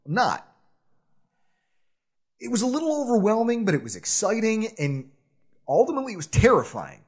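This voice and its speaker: A man co-hosting a podcast, telling a self-deprecating story in a casual, animated way with frequent laughs. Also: high-pitched, moderate pace, slightly rough. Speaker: podcast co-host.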